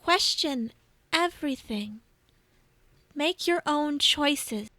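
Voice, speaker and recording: Woman voicing Bastet, a gentle regal cat goddess. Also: sits high, lively intonation, takes it slowly, dry recording, full character voice. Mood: tender.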